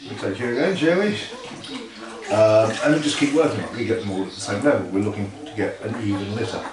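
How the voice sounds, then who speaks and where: Dog breeder explaining, echoey and distant. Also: male voice, on the low side, fast talker. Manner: talks softly to puppies between explanations. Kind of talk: casual explanatory demonstration. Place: kennel with puppies. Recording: roomy, from off-mic, with crowd noise.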